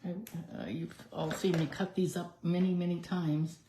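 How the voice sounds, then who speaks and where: A woman leads a live card-making demonstration, chatting through each step as she works. Her voice sits low and mellow. The sound carries the echo of a roomy space. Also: steady tone, normal speed, slight background noise. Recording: echoey room.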